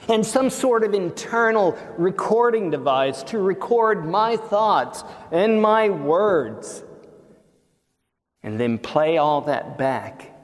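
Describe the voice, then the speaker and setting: A man preaching a sermon as pastor, slow and emphatic, leaning hard on key words. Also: a little high, big-room sound. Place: church sanctuary.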